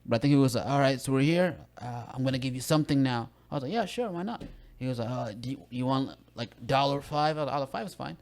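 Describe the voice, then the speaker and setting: Fast-talking man telling a story. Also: mid-range voice, steady tone, a little mellow. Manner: quick, chatty storyteller with frequent fillers. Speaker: podcast guest. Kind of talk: casual podcast chat.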